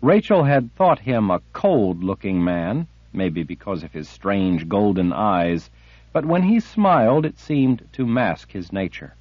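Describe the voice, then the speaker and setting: A man narrating a fantasy audiobook slowly and expressively. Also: fairly low pitch, sing-song, no room sound, muffled recording. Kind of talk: scripted narration.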